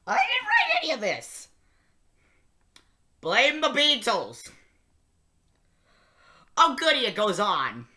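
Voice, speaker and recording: A sardonic, grumpy old alien time traveller, as a man puts him on, grumbling his way through lines in a slow, unhurried delivery. His voice is bright and edgy, and his pitch swings widely between exasperated asides and mock singing. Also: huge pitch swings, heavily acted. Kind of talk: comic lyric reading and singing in character.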